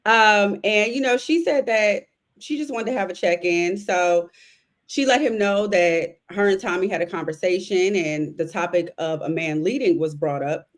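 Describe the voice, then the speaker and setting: A woman's voice: lowish voice, moderate pace. Laid-back woman recapping scenes. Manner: relaxed storytelling with fillers, retells scenes. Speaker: podcast co-host. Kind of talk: casual recap chat.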